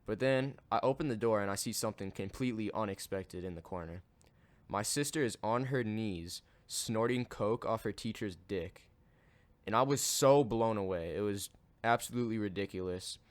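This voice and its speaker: A man telling an absurd story in a casual storytime monologue, deadpan and matter-of-fact. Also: lowish voice, moderate pace, dry recording.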